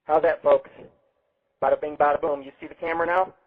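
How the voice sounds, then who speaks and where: Husky, brash, foul-mouthed male show host. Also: on the high side, flat delivery, a little fast. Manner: brash, boastful and heavily profane. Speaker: host of a live internet radio show. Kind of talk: rambling live webcast radio hosting. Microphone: webcam setup. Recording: tinny lo-fi phone-like sound.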